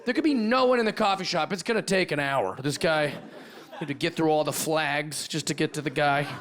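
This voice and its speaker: A male stand-up comedian doing a brash, profane set, slipping into quick character voices. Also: fairly high pitch. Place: comedy club stage with live audience. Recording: live club set with loud crowd laughter. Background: audience laughing.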